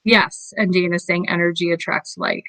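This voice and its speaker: A woman's voice: on the low side, steady tone, moderate pace, fairly bright tone, no room sound, low-quality recording. A woman hosting a casual live stream as a spiritual coach, effusive and gushing, laughing often between lines. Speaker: livestream host and spiritual coach.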